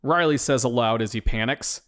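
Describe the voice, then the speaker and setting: A man's voice: medium pitch, normal speed, fairly bright tone. Dry-voiced man narrating a comedy. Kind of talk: comic audio-fiction narration.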